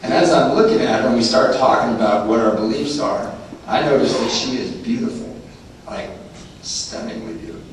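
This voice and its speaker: A man's voice: mid-range voice, a little fast. A man in his forties from California telling a funny personal testimony as a recovery meeting speaker, often laughing as he talks. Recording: echoey hall from far off, noisy room.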